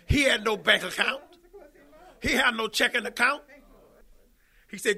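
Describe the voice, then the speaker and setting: A man preaching an emphatic sermon that rises now and then to shouts. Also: extremely high pitch, unhurried, gravelly, pauses often, slightly rough.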